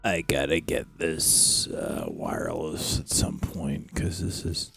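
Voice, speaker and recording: A man's voice: a bass voice, big pitch swings, slow, vocal fry, fairly bright tone, breathy edge, no room sound, soft background music. A man from Saskatchewan streaming a game live, talking bluntly, swearing freely and chatting to his dog. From Saskatchewan, Canada. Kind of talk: casual live gameplay commentary.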